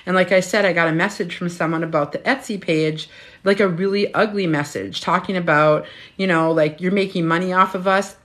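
Fifty-something lady coach ranting on her phone live at home, lowish voice, says it straight and cusses. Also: brisk. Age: 50s. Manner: frank and animated, swears freely. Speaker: menopause health coach. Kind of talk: casual live-stream chat.

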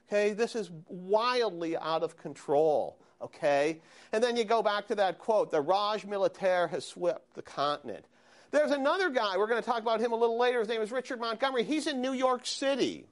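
A man lecturing a university history class, animated and questioning his students. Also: high-pitched, a little fast. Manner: animated, asks students questions, frequent "okay?". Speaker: history professor.

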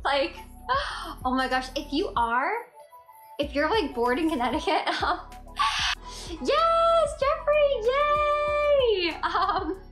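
A woman livestreaming from home on her phone and chatting with viewers. She is giggly and excitable and rambles from comment to comment. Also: high-pitched, unhurried. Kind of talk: casual live chat reading comments. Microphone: phone mic. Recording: echoey room with faint music.

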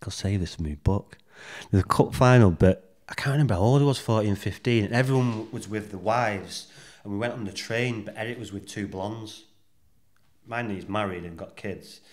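A man's voice: lowish voice, normal speed, a little mellow. A man guest on a podcast, telling rambling anecdotes bluntly and swearing freely. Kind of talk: casual storytelling interview.

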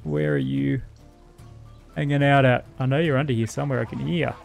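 Swearing Australian gamer chatting through play. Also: male voice, medium pitch, fairly even intonation, a little fast, creaky, soft background music. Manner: casual, swears freely, chats to the game characters. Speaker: gaming host. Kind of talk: let's play commentary.

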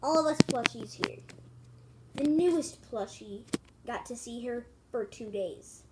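A woman's voice: a little high, animated, a little slow. A woman voicing a sweet plush toy character in a casual home video, speaking in an earnest, affectionate way with noise behind her. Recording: clear background noise.

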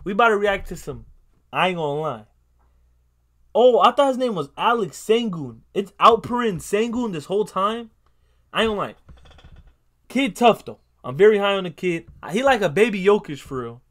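A young man hosting a casual basketball reaction video, excitable and slangy, swearing and breaking into loud outbursts. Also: high voice, moderate pace. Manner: slangy, repeats catchphrases. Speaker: YouTube reaction host.

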